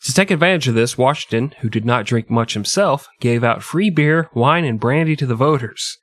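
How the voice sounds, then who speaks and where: A man's voice: mid-range voice, animated, moderate pace, a bit bright. A man in his thirties hosting a podcast, narrating history in an irreverent, profane, joking way and laughing often. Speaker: podcast host.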